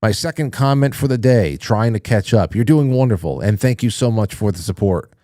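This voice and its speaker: A man's voice: on the low side, normal speed, dark tone, no room sound, studio quality. A middle-aged man hosting a talk show, chatting loosely and profanely, joking and reading listener comments. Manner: loose, profane, joking, mock-prim voices.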